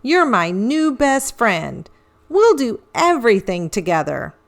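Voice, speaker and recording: A woman voicing a cheerful, playful young male cat in an excited character voice for a storybook read-aloud. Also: fairly high pitch, takes it slowly, creaky, pitched above the performer's own voice, exaggerated voice.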